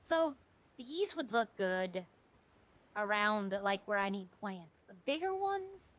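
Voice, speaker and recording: A woman's voice: mid-range voice, big pitch swings, slow, a bit bright, rough recording. A woman streamer chatting casually while playing a game, rambling and earnest, often restarting her sentences.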